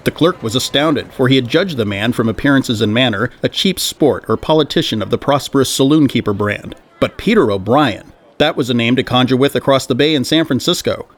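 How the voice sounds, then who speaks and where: A man reading a story aloud as narrator, in an even storytelling manner. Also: mid-range voice, brisk, few pauses. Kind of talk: audiobook narration.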